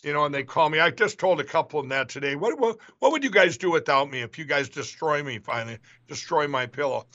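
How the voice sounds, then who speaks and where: A man's voice: fairly high pitch, animated, fast talker, few pauses, bright, forceful tone. A man hosting a show, telling a long story in a casual, rambling way with many restarts and asides. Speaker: show host. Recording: dull lo-fi sound.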